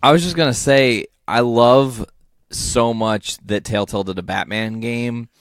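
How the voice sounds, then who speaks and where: A man's voice: mid-range voice, unhurried, clear, resonant tone, no echo, studio quality. A man co-hosting a podcast in casual chat, giving short eager reactions. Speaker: podcast co-host.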